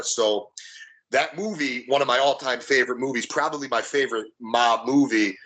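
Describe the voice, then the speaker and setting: A man's voice: medium pitch, a bit bright, rough recording. A man being interviewed as a guest, talking earnestly and repeating words as he gathers his thoughts. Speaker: interview guest, local wrestler. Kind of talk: casual interview chat.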